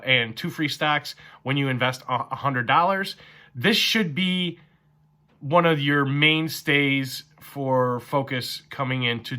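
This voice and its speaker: Excited bright-voiced male crypto vlogger. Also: medium pitch. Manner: excited, fast-paced with many fillers. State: slightly strained voice from talking all morning. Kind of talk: casual enthusiastic market update.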